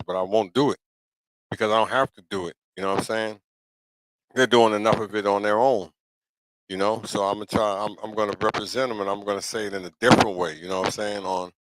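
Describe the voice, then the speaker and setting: Host, male, middle-aged, New York accent; low voice, dry close sound; loose streetwise sermonizing to a live audience. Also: a bit bright, dry recording, low-quality recording. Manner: preachy, repetitive, keeps asking "you know what I'm saying?". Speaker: live talk show host. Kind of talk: casual livestream monologue.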